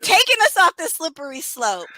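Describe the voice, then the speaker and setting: A woman co-hosting a podcast in casual chat, animated and acting out her own reactions. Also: extremely high pitch, moderate pace, crowd noise. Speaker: podcast co-host.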